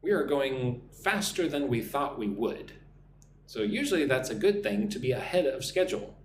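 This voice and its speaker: A man teaching English on a live stream, drilling pronunciation slowly and deliberately and thanking viewers by name. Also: mid-range voice, very animated. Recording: roomy echo with faint hum.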